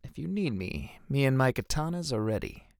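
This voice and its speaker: A man's voice: mid-range voice, big pitch swings, normal speed, creaky, a little mellow, no room sound, clean studio sound. A man voicing an eager, earnest young swordsman in a storybook reading.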